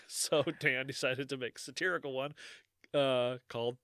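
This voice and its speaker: A man's voice: medium pitch, steady tone, moderate pace, fairly bright tone, clean tone, dry recording. A man co-hosting a podcast in casual chat, joking and laughing often. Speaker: podcast co-host.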